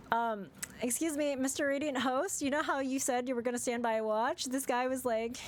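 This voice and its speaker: A woman's voice: high-pitched, fairly even intonation, brisk, slight background noise. A young woman streaming a game, chatting casually and exasperated, with frequent swearing and laughter.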